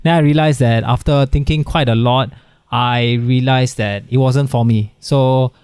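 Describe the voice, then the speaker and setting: A young man talks as a podcast guest over a video call, his voice smooth and clear at a middle pitch. The sound is dry and close, with no room around it. He rambles casually, leaning on "like" and "right". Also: steady tone, measured pace, darkish tone, no echo. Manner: rambling, many "like" and "right" fillers. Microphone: video call over the internet.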